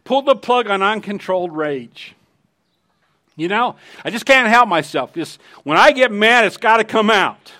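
A man's voice: sits high, animated, unhurried, sharp tone. A middle-aged man preaching a sermon, conversational and emphatic, telling personal stories. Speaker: pastor.

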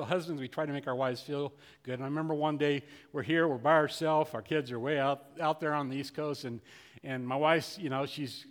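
A man's voice: a little high, a bit bright. Older male pastor in a reverberant hall. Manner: folksy, conversational, many restarts. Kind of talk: sermon storytelling.

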